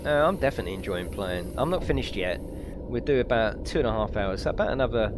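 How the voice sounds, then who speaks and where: A man streaming a driving game, chatting excitedly with viewers and reading out their comments. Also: fast talker, noisy background. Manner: chatty and excitable, reads out chat, lively pitch swings. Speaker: gaming streamer. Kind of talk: live let's-play commentary, chatting with viewers.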